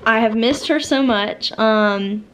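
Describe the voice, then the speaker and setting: A young woman vlogs casually in a slightly high voice, speaking slowly. She has the hiccups and rambles along with many fillers and restarts.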